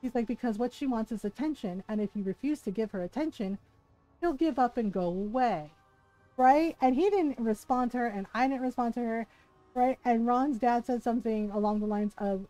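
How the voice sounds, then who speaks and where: A woman's voice: a little high, normal speed, dark tone, dry recording, soft background music, rough recording. A woman game streamer chatting casually, animatedly telling a personal story, quoting people and laughing often. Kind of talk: casual storytelling chat while gaming.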